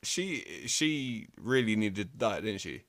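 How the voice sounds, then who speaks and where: A man's voice: on the low side, lively intonation, takes it slowly, fairly bright tone, no room sound, clean studio sound. A young man, co-hosting a casual film chat and chipping in with joking asides. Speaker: film podcast co-host.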